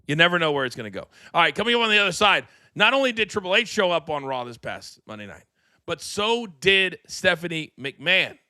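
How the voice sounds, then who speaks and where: A man hosting a live wrestling talk show, with a fast, energetic, promo-style delivery. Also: high-pitched, no room sound, clean studio sound. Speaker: host. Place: studio.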